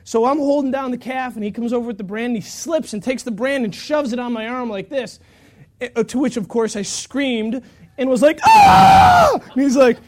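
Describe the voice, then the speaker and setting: A pastor telling a long, self-mocking story during a sermon, acting out the quotes with lots of energy. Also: male voice, extremely high pitch, moderate pace, a little mellow, raised voice.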